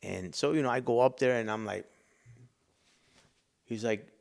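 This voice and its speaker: A man from Chicago, a pastor and business owner, telling a personal story on a podcast with animated delivery, hushed whispered asides, and frequent "man". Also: medium pitch, normal speed, gravelly. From Chicago, USA.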